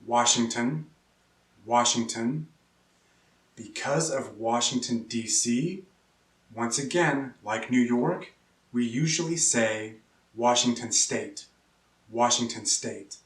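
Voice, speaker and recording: A man from Kansas, teaching pronunciation in a slow lesson and repeating each word clearly. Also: medium pitch, fairly bright tone. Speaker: English teacher. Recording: echoey room, distant mic.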